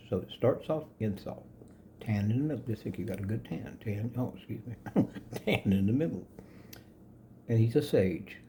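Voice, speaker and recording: A man's voice: fairly low pitch, dark tone, slight background noise. An older man giving a rambling, casual spoken lesson on yoga, chuckling often and correcting himself as he goes. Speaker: yoga teacher.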